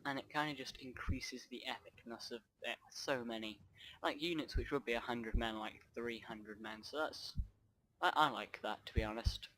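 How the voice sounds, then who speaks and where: A man's voice: mid-range voice, dark tone, slight background noise, poor audio. A man giving rambling let's play commentary over a strategy game, often trailing off and restarting his sentences. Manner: rambling, off-track, self-interrupting.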